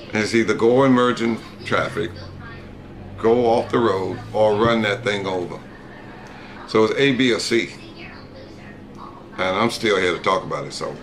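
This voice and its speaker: A man's voice: deep voice, a bit bright, slight background noise. A middle-aged American man co-hosting a casual reaction chat, telling folksy stories and calling people "brother". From United States. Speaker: co-host, the dad.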